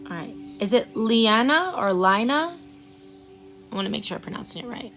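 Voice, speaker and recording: A woman hosting a live Reiki session outdoors. She chats with viewers, stumbles over their names, then gives soft, slow breathing cues. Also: a little high, lively intonation, gravelly, faint music behind. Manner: chatty, reads viewers' names aloud and fumbles them. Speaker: Reiki practitioner and stream host. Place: outdoors at sunrise.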